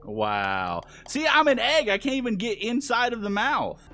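A young adult gaming host in casual gameplay banter, excitable, shouting and groaning at the game. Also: mid-range voice, moderate pace, faint music behind.

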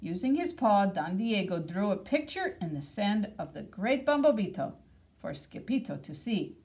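A woman reading a picture book aloud for kids, expressive and sprinkled with playful Spanish words. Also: medium pitch, moderate pace. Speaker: reader.

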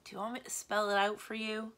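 A woman's voice: mid-range voice, flat delivery, fast talker, a bit bright, pitched above the performer's own voice, natural voice. A woman reading aloud and voicing a curt, no-nonsense fairground fortune teller who speaks bluntly and wearily. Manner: blunt, snappish and weary.

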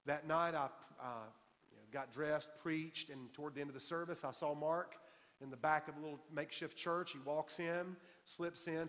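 A man preaching to a congregation, his voice sitting a little high and carrying a long tail of reverb through the church hall. He tells stories with emphasis and repeats his key lines for weight. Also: fairly bright tone. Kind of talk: sermon. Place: church sanctuary.

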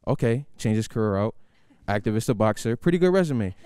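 A man's voice: on the low side, fairly quick, smooth, no room sound. A young man doing stand-up, telling a story in a conversational way in a university TV studio. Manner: animated, conversational. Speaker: stand-up comedian.

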